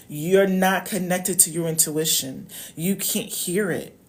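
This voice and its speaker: A woman's voice: lowish voice, moderate pace, hardly any pauses, a little mellow. A woman coach giving casual advice straight to her viewers, chatty and repeating key phrases, often checking in with "okay?". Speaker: love coach. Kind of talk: casual direct-to-camera advice talk.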